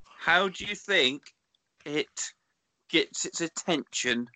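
A man co-hosting a casual podcast, telling odd news with deadpan dark humor. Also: on the high side, slow, no room sound. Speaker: podcast co-host. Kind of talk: casual comedic chat.

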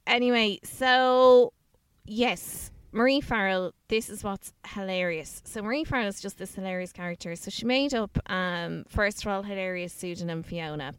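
Smooth-voiced Irish woman telling a story. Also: mid-range voice, normal speed, no echo. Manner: chatty storyteller, filler-heavy, swears freely. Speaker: podcast co-host. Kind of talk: casual chat.

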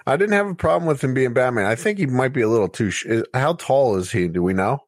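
A man's voice: medium pitch, expressive, quick pace, no room sound, studio quality. A man co-hosting a podcast, frank and joking in casual chat. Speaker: podcast co-host.

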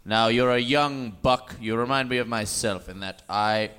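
A man's voice: medium pitch, moderate pace, fairly bright tone, clean tone, natural voice. A man voicing a blustering older police chief giving crude advice to a younger man. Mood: conspiratorial.

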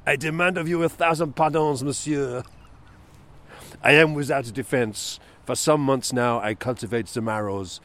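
A man doing a fussy, florid elderly Belgian detective with a put-on French-style accent. The voice is pitched higher than his own, with a lifted, affected tone. He is theatrically apologetic and flowery, and he was recorded outdoors in a small park. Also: moderate pace, fairly bright tone, natural voice. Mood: effusively apologetic.

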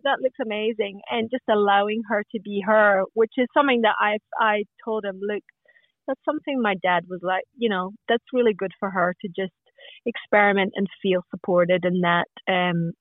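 A woman's voice: medium pitch, fairly even intonation, moderate pace, no echo. A woman in her thirties from Scotland, talking openly and chattily as a podcast guest, with many restarts. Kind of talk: casual podcast conversation. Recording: tinny phone line, dry.

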